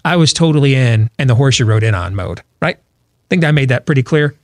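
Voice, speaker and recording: A man's voice: mid-range voice, lively intonation, fairly quick, no echo, clean studio sound. A man hosting a political talk show, talking emphatically with rhetorical questions and frequent restarts.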